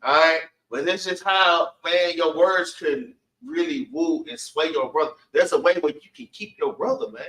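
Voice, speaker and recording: High, bright-voiced man teaching a Bible class. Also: normal speed, hardly any pauses, slight background noise. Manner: emphatic, calls everyone man, urges reading on. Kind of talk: preaching commentary on scripture. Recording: echoey room, far from the mic.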